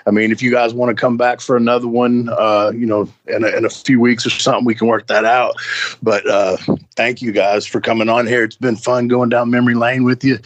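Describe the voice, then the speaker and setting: A man's voice: mid-range voice, level tone, brisk, no room sound. A man hosting a podcast in casual chat, laughing often and swearing freely. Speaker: podcast host.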